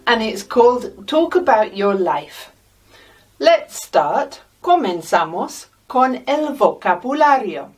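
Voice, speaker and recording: A woman's voice: on the high side, slightly rough. A woman teaching a language lesson, patiently sounding out each word and repeating example phrases. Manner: patient, carefully sounds out words. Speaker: Spanish teacher. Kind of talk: slow, deliberate language lesson mixing English and Spanish. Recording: voice a little distant from the mic.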